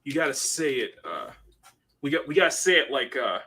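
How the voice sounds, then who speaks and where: A man hosting a relaxed livestream, chatting and greeting viewers by name. His voice is bright and a little husky, and he breaks into laughter often. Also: mid-range voice, fairly quick. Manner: chatty, laughs often, reads chat aloud. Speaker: livestream host. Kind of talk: casual chat.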